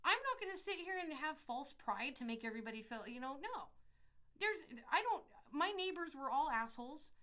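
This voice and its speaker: A middle-aged woman from California talks through a podcast monologue in a blunt, profane, rambling way. Her voice sits a little high, and she often restarts her sentences. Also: animated, moderate pace, pushed and bright. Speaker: podcast host. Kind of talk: casual monologue.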